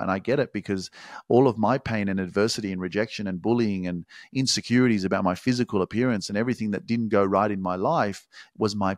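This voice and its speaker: Man, low voice, blunt swearing motivational coach, dry close mic. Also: no echo. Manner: profane, forceful, repetitive exhortation. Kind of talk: motivational monologue.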